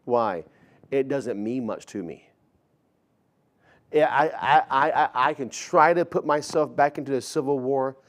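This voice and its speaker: A man's voice: medium pitch, measured pace. A man in his forties preaching a sermon in a conversational storytelling way, often stammering and repeating words. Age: 40s. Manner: acts out quoted dialogue in shifting voices.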